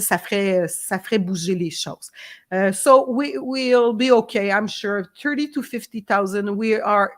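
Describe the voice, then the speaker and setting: A woman veterinarian with a Québécois accent, hosting a casual live stream and switching between French and English, chatty and hesitant with many fillers. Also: mid-range voice. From Quebec.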